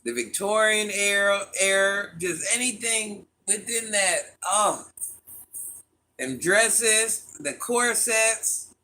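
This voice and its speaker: Gushing, swooning man, bright voice. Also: high voice, slow pace, slight background noise. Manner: gushing, dreamy, swooning over things he loves. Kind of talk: casual monologue to camera.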